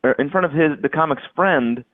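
A man's voice: fairly high pitch, a little fast, dry recording. A man chatting casually on a podcast, rambling with lots of restarts and "like"s. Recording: dry, tinny phone-like line.

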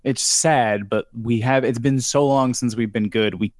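A man's voice: mid-range voice, fairly even intonation, measured pace, a little mellow, no room sound, clean studio sound. A man from New York chatting casually as a podcast co-host and telling stories in a laid-back way. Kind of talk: casual chat.

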